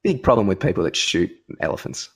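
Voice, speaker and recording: A man's voice: sits low, very animated, brisk, breathy edge, no room sound. Laid-back man telling stories. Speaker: podcast co-host. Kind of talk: casual banter.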